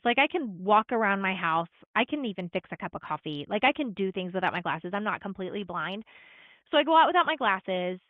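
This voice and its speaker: A woman's voice: medium pitch, no room sound. A middle-aged woman co-hosting a podcast, telling a travel story in casual chat, full of "like" and acted-out quotes. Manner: storytelling with many likes and quoted asides. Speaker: podcast co-host. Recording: tinny phone-like sound.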